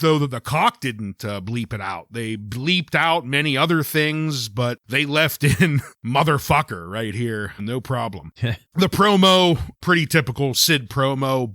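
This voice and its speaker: A man's voice: medium pitch, sharp tone, no echo, clean studio sound. A man co-hosting a podcast, chatting casually and easygoingly with frequent laughs. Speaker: podcast co-host.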